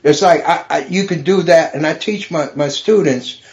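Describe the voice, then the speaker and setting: Man comedian guest, slightly high voice, storyteller who cracks up at his own jokes. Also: normal speed, highs cut off. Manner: storytelling, builds jokes and laughs loudly at his own punchlines. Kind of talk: casual podcast chat with joke telling.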